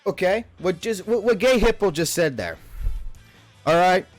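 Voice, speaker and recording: A man in his thirties talks through a casual livestream in a fairly high voice, rambling and swearing as he rants. His delivery is animated, and faint guitar music plays underneath. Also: moderate pace, no room sound. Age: 30s. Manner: profane, rambling rant. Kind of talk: casual stream commentary.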